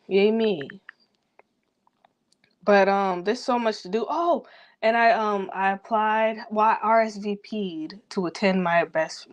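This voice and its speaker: Young woman, vlogger, fast rambling self-talk with heavy swearing. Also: medium pitch. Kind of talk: rambling personal venting.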